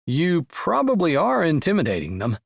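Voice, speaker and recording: Easygoing young man read by the narrator; relaxed, wry, dry close sound. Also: fairly high pitch, normal speed, gravelly, no room sound, exaggerated voice.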